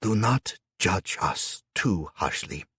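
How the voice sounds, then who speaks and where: A man voicing a gentle, sorrowful older imam in an audiobook, speaking slowly in hushed tones. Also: sits low, sing-song, husky, dry recording, clean studio sound, heavily acted.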